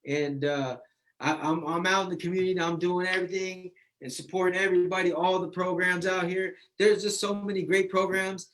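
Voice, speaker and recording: A man's voice: sits high, level tone, brisk, fairly bright tone. A man sharing his life story in casual testimony, exuberant, calling out friends and saying "man" constantly.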